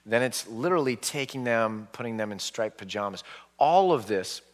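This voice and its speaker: A medium-pitched author in his forties speaks at normal speed to a live audience, his voice carrying a long reverb tail. He narrates animatedly and mimics how people responded.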